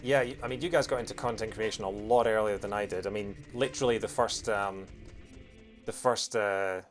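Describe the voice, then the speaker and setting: A man's voice: lowish voice, steady tone, a little fast. Young man streaming with an accent. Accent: strong non-American accent, from outside America. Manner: hesitant, with fillers and restarts, self-deprecating. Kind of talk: casual chat while streaming a game race. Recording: music playing behind.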